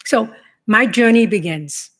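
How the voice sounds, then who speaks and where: A middle-aged woman telling her own story to a room of law enforcement, in a halting, emotional testimony full of restarts. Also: a little high. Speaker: survivor giving a talk to law enforcement. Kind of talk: personal testimony speech.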